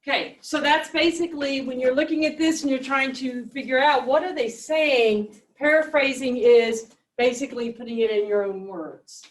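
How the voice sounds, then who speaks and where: High-voiced woman teacher in an echoey classroom. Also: steady tone, normal speed, few pauses. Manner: explains step by step, asks the class questions. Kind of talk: classroom reading lesson. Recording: echoey classroom, mic at a distance.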